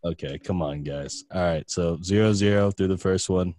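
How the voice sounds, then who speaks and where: A man's voice: low voice, normal speed, dark tone, dry recording. A man hosting a casual podcast, running a music quiz and joking around with friends. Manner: joking, reads lyrics in put-on accents. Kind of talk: casual chat.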